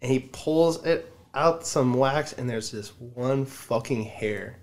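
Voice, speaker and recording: A man's voice: medium pitch, slow pace. A man telling a story in casual chat, acting out what people said, with a lot of swearing. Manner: animated, swears a lot, acts out quotes.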